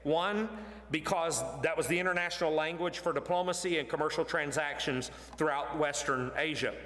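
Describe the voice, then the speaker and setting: A man preaching an expository sermon, animated and emphatic, pushing his voice up to stress points. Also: fairly high pitch, normal speed. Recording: long hall reverb.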